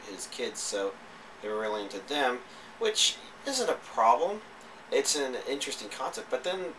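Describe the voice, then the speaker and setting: A man's voice: medium pitch, distant mic, background noise. Rambling man, a bit off-mic. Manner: rambling, hesitant, many fillers and restarts. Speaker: anime reviewer. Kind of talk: casual spoken review.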